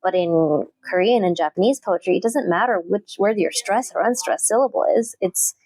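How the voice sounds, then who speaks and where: A woman's voice: medium pitch, normal speed, a little mellow. A woman who teaches literature, chatting thoughtfully in an interview with plenty of fillers and restarts. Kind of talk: casual interview talk.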